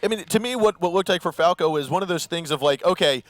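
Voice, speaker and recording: A man calling live esports action, building up fast and loud on big plays. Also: sits high, music in the background. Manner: excitable, rises sharply on big plays. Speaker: esports caster. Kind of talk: play-by-play commentary.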